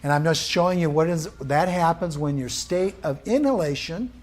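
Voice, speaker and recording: A man's voice: fairly high pitch, normal speed, darkish tone, a little hiss or hum. A male instructor giving a live classroom lecture, quizzing the room with questions and answering them himself.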